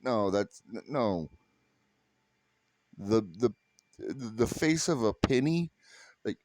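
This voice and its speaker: A man's voice: lowish voice, animated, slow, long pauses, darkish tone, no room sound. A middle-aged American man doing a stand-up comedy set, ranting profanely and in exasperation, stumbling over restarts and acting out voices he quotes. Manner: acts out quoted voices mid-rant.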